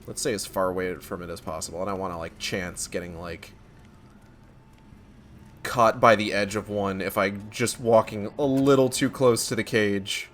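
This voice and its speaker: A man's voice: lowish voice, normal speed, a little hiss or hum. A man giving casual, sarcastic commentary while playing a horror game, swearing often. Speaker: gamer. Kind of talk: let's play commentary.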